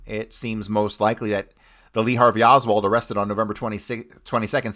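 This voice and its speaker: A man's voice: on the low side, a bit bright. A man hosting a history podcast, reading passages aloud and breaking off into blunt, profane asides. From United States. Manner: blunt, swears often, rants between readings. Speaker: podcast host. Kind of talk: history commentary with read-out passages.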